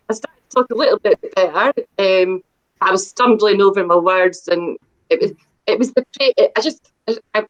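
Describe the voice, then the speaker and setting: A middle-aged woman chats as a debut author guest on a video call. She talks in a loose, rambling way, full of fillers and restarts, and keeps playing herself down. Her pitch sits in the middle for a woman. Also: rough recording. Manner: chatty and self-deprecating, many fillers and restarts. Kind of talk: casual interview chat.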